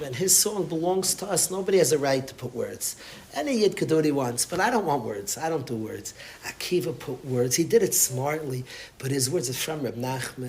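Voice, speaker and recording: A man's voice: mid-range voice, slight background noise. A man, a rabbi, giving an impassioned lesson to his yeshiva students and repeating phrases for emphasis. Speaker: rabbi teaching a yeshiva class. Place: yeshiva study hall.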